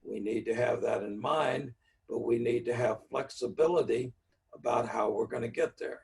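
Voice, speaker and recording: A man's voice: medium pitch, moderate pace, gravelly, a little mellow, distant mic. A man giving a speaker-series talk on NLP, explaining in a plainspoken teaching manner with everyday examples.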